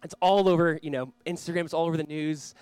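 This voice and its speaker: An earnest male pastor from Southern California delivers his sermon in a chatty, storytelling way, his voice sitting a little high for a man. The sound is dry and close, with no room around it. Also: steady tone, quick pace, clean tone, dry recording. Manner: earnest, conversational, swings from loud reading to quiet prayer; storytelling with self-deprecating asides.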